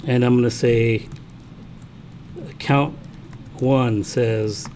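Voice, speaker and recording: A man's voice: medium pitch, steady tone, drawn-out words, dark tone, slight background noise. A man teaching a programming class, talking casually and thinking aloud as he codes, often checking in with students. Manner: casual, thinks aloud while typing, talks to himself. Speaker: college programming instructor. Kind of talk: classroom lecture with live coding.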